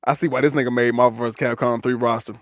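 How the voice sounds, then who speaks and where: Male podcast co-host, mid-pitched, relaxed, blunt and profane. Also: racing, over a noisy crowd. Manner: laid-back, blunt, profane. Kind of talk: casual chat.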